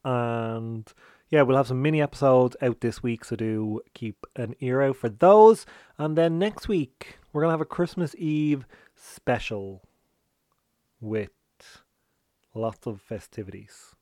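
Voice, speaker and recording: A man hosting his own show in a loose, joking manner, tossing in swear words as he talks. His voice sits in an ordinary middle pitch. The recording is dry and close to the mic. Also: animated, unhurried, mellow, no echo. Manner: swearing, playful, teasing. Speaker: podcast host. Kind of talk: casual chat.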